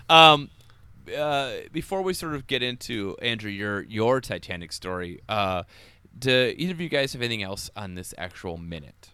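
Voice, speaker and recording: A man's voice: medium pitch, expressive, a little slow, long pauses, bright, forceful tone, clean tone. A man hosting a podcast, easygoing, who steers the chat with questions to his guest. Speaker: podcast host.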